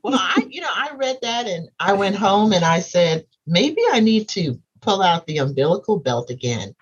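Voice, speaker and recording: A woman co-hosting a podcast in casual chat, reacting with quick questions and explaining plainly. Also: mid-range voice, expressive, husky, muffled recording. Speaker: podcast co-host.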